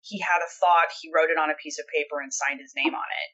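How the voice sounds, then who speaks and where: A woman with a bright, forceful voice talks through the issue in a casual podcast chat. She is blunt and opinionated, with a sarcastic edge, and her pitch sits a little low. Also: steady tone, fast talker, husky, muffled recording. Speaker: podcast co-host. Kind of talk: casual political discussion.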